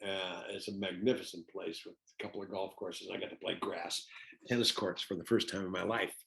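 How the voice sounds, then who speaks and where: Older guy guest on a chat show, spinning animated stories, laughs a lot. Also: low-pitched, fairly quick, creaky, poor audio. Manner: lively anecdotes, laughs often. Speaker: guest actor. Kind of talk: casual interview storytelling.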